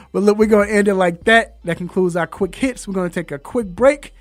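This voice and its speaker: Animated man talking sports, higher voice. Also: normal speed, soft background music. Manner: animated, laughing, loose slangy banter. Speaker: sports talk show host. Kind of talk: casual sports commentary chat.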